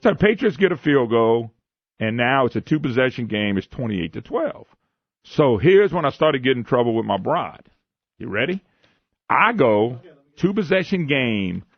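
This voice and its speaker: A man hosting a radio talk show tells an animated story, laughing a lot and retelling his own quotes. His mid-range voice moves at a moderate pace with no room sound, captured on a studio microphone in muffled radio broadcast audio.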